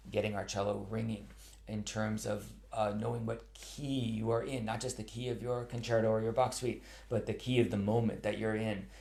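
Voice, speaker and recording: Here a male cello instructor answers questions from viewers during a live online chat, earnest and reflective, full of ums and false starts. He speaks fairly low with vocal fry and a darkish tone, and the room echoes noticeably.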